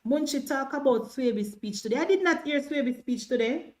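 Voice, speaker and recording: A Jamaican woman with a fairly high voice hosts a political livestream, talking straight to her viewers. She is defiant and repeats herself for emphasis in broad Patois. She speaks in a loose, animated way. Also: a little fast. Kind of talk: casual political livestream talk.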